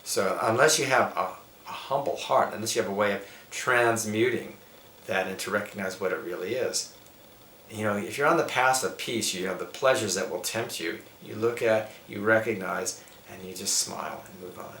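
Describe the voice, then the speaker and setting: In an interview, a middle-aged male yoga teacher gives emphatic, preachy spiritual advice, setting out his points one at a time. His voice is fairly low, bright, and forceful at a moderate pace. The room is echoey with faint background noise.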